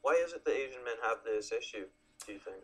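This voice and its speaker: A man hosting an interview in a relaxed way, mostly answering with short agreements and asking plain questions. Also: mid-range voice, quick pace, breathy edge, rough recording. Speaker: interview host. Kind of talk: casual interview talk.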